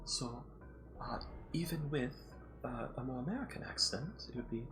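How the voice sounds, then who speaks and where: A man's voice: mid-range voice, expressive, moderate pace, music in the background. A man running a tabletop game as game master, chatting casually in a rambling, self-deprecating way.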